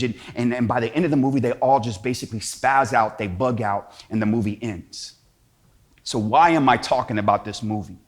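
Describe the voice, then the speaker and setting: A man giving an inspirational talk in a casual, slangy storytelling way. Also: mid-range voice. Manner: slangy, storytelling, acts out quotes. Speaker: Catholic speaker.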